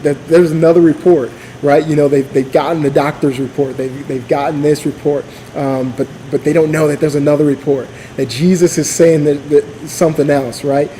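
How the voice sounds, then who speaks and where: A man's voice: fairly high pitch, mellow, a little hiss or hum, poor audio. A man giving an informal sermon at church, speaking casually with many fillers, restarts and asides. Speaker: church leader.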